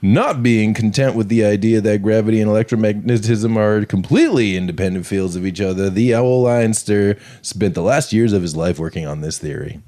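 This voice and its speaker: A man's voice: on the low side, brisk, few pauses, mellow. A man co-hosting a conspiracy podcast, reading out a story with wry joking asides. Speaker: podcast co-host. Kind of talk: casual chat, reading notes.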